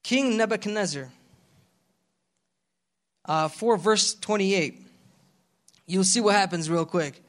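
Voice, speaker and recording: A young adult man preaching a casual youth sermon in a slangy, animated way, calling for responses from the congregation. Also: high-pitched, measured pace, long pauses. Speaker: pastor.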